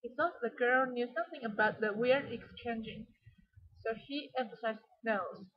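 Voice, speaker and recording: Young woman, first language Mandarin, student presenter, slightly high voice, husky, muffled lo-fi sound. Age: young adult. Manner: reads film lines aloud, then explains stress and pauses. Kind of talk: classroom presentation on movie speech.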